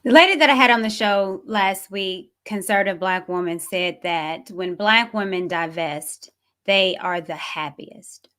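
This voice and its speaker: A woman's voice: mid-range voice, measured pace, bright, forceful tone. A woman hosting a show, giving sassy, casual commentary and talking back to clips. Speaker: host reacting to clips.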